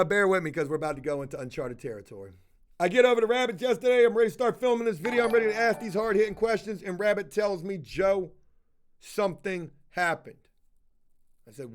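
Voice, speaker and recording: A man streaming live, telling a story in a casual way. He swears a lot and keeps breaking off to call out viewers in the chat. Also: sits high. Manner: profane and animated, calling out viewers in the chat.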